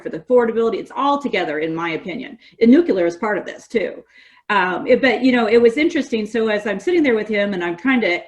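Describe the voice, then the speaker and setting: Animated middle-aged woman telling stories. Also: medium pitch. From California. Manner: animated storyteller, quotes others in lively voices. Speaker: guest, gas industry association representative. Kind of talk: conversational podcast interview.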